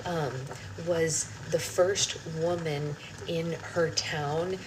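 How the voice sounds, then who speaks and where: Low-pitched and very slow with a steady tone, a young woman runs a book club livestream from her kitchen. She rambles chattily, breaking off to coo at her infant in sing-song baby talk, with air conditioning humming loudly in the background.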